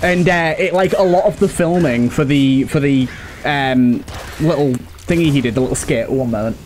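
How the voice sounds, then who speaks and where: A young man with a British accent tells a rambling story while playing a game, laughing under his breath, restarting sentences and swearing freely. His voice sits a little high for a man, and a faint hiss lies under the talk. Loose, casual commentary. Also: moderate pace, a little mellow. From United Kingdom. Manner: rambling, chuckling often, lots of fillers and swearing. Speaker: let's play host.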